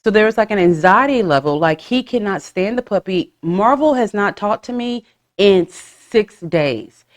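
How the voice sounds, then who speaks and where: A woman in her forties hosts a casual podcast chat, telling animated stories with lively swings in pitch. She acts out little voiced asides and swears freely. Her voice sits in a middle register. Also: normal speed. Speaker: podcast host.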